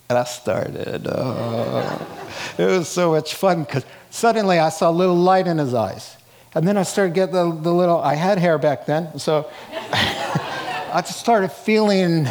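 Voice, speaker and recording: A pastor preaching a sermon, telling stories with acted-out voices and joking with laughs between lines. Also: male voice, high voice, moderate pace. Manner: animated, acts out voices in his stories. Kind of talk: sermon with storytelling.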